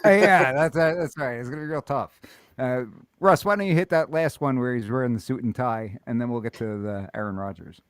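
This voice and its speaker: A man hosting a radio show who chats in an easygoing way and laughs easily. His voice is mid-pitched, and the sound is dry and close. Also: a little fast, clean tone, no room sound. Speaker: radio host. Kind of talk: casual chat.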